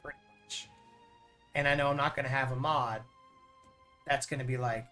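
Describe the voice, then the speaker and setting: A man's voice: mid-range voice, steady tone, moderate pace, long pauses, bright, forceful tone, soft background music. A man chatting on his live stream in an earnest, rambling way, often repeating words as he starts a thought. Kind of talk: casual chat on a live stream.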